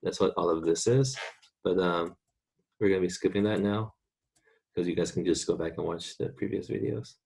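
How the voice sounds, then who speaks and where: A man from the United States teaching a recorded online Spanish lesson, patiently repeating words slowly for students to practice. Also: deep voice, vocal fry, darkish tone, husky.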